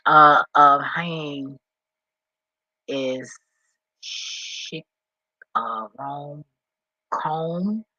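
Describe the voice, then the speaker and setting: Husky-voiced man rambling in a vlog. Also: mid-range voice, unhurried, pauses often, no room sound, dull audio. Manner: rambling, excitable, swears often. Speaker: vlogger. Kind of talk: unscripted reaction vlog.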